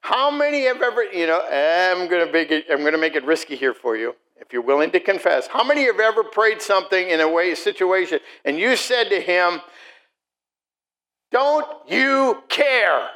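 Animated preacher man, lively pitch. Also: brisk, few pauses, poor audio. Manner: animated, acts out mocking voices and asides to the congregation. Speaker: pastor. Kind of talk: sermon.

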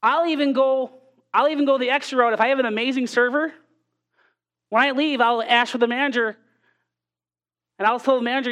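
A woman's voice: sits high, fairly even intonation, brisk, pauses often, a bit bright. A woman preaching a sermon in an earnest manner, often repeating rhetorical questions to her listeners.

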